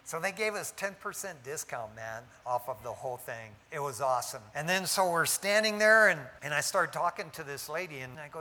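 A man's voice: a little high, lively intonation, a little fast, few pauses, pushed and bright. A male pastor preaching a sermon in a church, earnest and conversational, telling stories with asides to the congregation. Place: church sanctuary.

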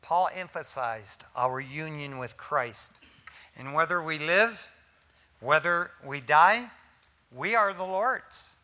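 A male pastor preaches in a folksy, animated way, full of slangy asides. His voice sits high for a man and rings very bright, and he swings between loud bursts of emphasis and hushed, almost whispered lines. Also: slow. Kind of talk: sermon.

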